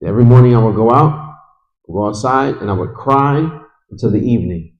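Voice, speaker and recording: A religious teacher gives a lesson in a mosque, retelling a story conversationally and with feeling, quoting Arabic and then translating it. His mid-range voice moves a little fast, and the sound is lo-fi.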